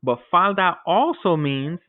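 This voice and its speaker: A man teaching a Spanish vocabulary lesson to his class, explaining each word step by step and often checking with a quick "okay?". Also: high voice, animated, no echo. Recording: tinny phone-like audio.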